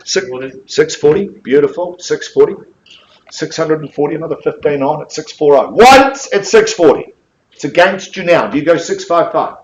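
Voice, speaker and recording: Auctioneer, male, New Zealand accent, fairly high voice, calls live bids and teases the room. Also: fairly quick, low-quality recording. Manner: joking, coaxing banter between bid calls. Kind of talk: live property auction calling.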